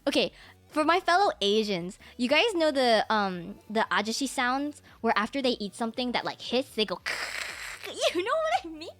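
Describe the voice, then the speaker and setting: A woman's voice: fairly high pitch, very animated, normal speed, fairly bright tone. A young woman streaming, chatting casually, giggling a lot and mimicking her parents' exclamations. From United States. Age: young adult. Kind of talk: casual chat. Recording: faint music behind.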